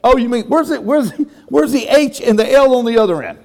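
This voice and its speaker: A man's voice: extremely high pitch, animated, fairly quick, creaky, in a large hall. A man pastor preaching a sermon in a folksy, emphatic way, with sudden exclamations.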